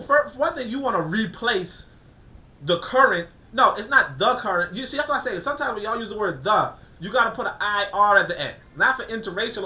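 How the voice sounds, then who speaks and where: A man's voice: high-pitched, bright, forceful tone. A man reading a political text aloud and commenting on it in a colloquial, emphatic way, often repeating words as he thinks. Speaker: commentator reviewing a political document. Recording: echoey, dull-sounding room.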